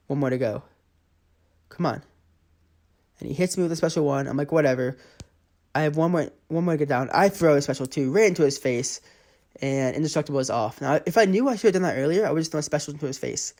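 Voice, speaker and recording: A man's voice: a little high, a little fast, a little mellow. A man giving casual play-by-play commentary over his own mobile game footage, often exasperated. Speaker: gaming channel host.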